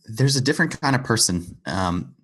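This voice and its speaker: Man, low voice, earnest, retelling scripture in a faith conversation. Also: expressive, moderate pace, a bit bright, husky. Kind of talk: conversational Bible discussion.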